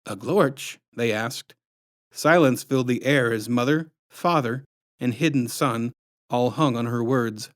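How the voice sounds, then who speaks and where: A man reading his own storybook aloud with expressive, dramatic narration. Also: mid-range voice, measured pace, dry recording, studio quality.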